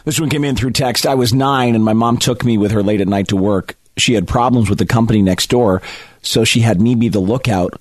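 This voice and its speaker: A man's voice: fairly low pitch, fairly quick, no echo, clean studio sound. A man hosting a call-in radio show, reading listener stories and bantering with callers in a playful, laughing way. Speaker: radio host.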